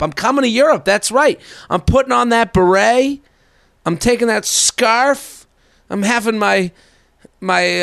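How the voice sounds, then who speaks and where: A man with a high, gravelly voice hosts a podcast with animated, playful energy. He stretches words into a sing-song emphasis. The sound is dry and close, with no room around him. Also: no room sound. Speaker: podcast host.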